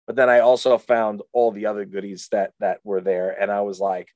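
A middle-aged man co-hosting a casual chat, rambling and halting with many restarts. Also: fairly low pitch, level tone, a little mellow, no echo. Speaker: podcast co-host.

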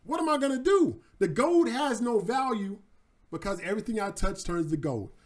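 A man doing a greedy excitable king. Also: high-pitched, normal speed. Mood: despairing. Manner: slangy, frantic exclamations.

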